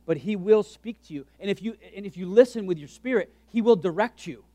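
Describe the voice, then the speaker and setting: A pastor with a high voice, close and dry on the mic. He preaches in an animated, joking way and acts out his own inner thoughts as little asides. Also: fairly quick, dry recording. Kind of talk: sermon.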